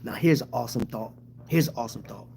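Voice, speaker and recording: A man's voice: medium pitch, vocal fry, warm tone, husky. A man hosting a casual livestream who talks to his viewers in a heartfelt, grateful way and often stops and restarts his sentences. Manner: halting, with many restarts and fillers. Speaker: channel host.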